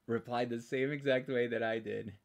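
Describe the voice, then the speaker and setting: A man's voice: medium pitch, steady tone, normal speed, creaky. A man co-hosting a casual live stream, rambling and joking with frequent restarts. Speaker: livestream co-host.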